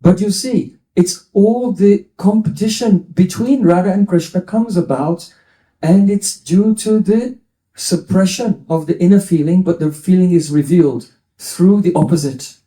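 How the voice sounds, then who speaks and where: A man teaches a devotional lecture in a high, mellow voice, explaining scripture terms and dropping playful asides. His voice rings with the echo of a roomy hall. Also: a little slow. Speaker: spiritual teacher.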